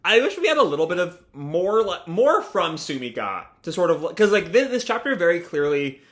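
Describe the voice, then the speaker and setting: Bright, rambling young man reacting to manga. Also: high voice, big pitch swings, normal speed. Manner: casual, rambling, many fillers. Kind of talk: live reading and reaction.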